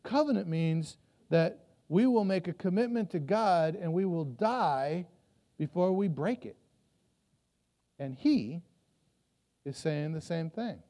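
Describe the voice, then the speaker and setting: High-voiced man preaching a sermon. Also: mellow. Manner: storytelling, acts out crowd voices, repeats words. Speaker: pastor.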